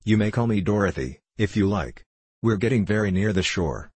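A man with a low, husky voice reading the lines of an earnest, prim young farm girl in an audiobook story. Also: animated, moderate pace, a little mellow, dry recording.

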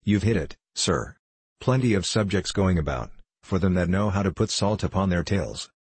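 A man's voice: deep voice, lively intonation, normal speed, a little mellow, slightly rough, dry recording. A man doing a pompous old uncle. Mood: pontificating. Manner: pompous, declaiming platitudes. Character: pompous self-satisfied older male uncle.

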